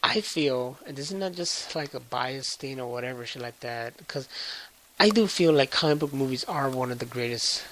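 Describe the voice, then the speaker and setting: A man casually recapping a film's plot with heavy swearing and excitable storytelling. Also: medium pitch, moderate pace, a little hiss or hum, low-quality recording. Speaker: movie reviewer.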